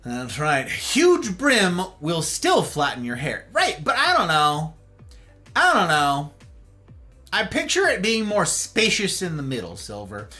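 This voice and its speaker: A man chatting casually with viewers on a live stream, playful and jokey, his pitch swooping up and down. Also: huge pitch swings, unhurried, bright, forceful tone, faint music behind.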